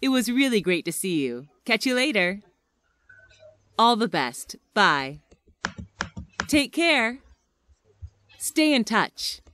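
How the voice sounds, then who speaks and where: Slow, lilting woman reading practice phrases. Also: a little high, big pitch swings, fairly bright tone. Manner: slow, deliberate phrase-by-phrase delivery. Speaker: English teacher.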